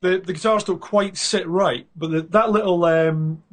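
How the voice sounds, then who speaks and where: A man's voice: sits high, normal speed. A Scottish man giving a chatty, self-mocking critique as a guest panelist on a music review show.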